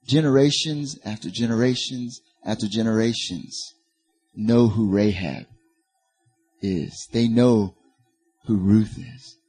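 A man's voice: lowish voice, steady tone, takes it slowly, darkish tone, slightly rough. A man preaching a sermon, building to emphatic peaks and turning to the congregation with casual asides. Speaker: pastor.

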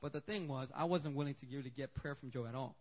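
A male pastor preaching a sermon, telling stories in an animated, joking way. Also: medium pitch, fast talker. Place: church service.

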